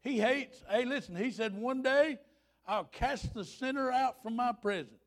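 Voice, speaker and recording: A man in his fifties preaching a fervent, folksy revival sermon, rising at times to shouts. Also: extremely high pitch, unhurried.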